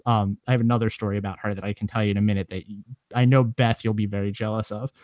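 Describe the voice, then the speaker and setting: A man co-hosting a casual chat show, telling long, rambling stories with lively energy. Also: on the low side, very fast, dry recording. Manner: rambling animated storyteller.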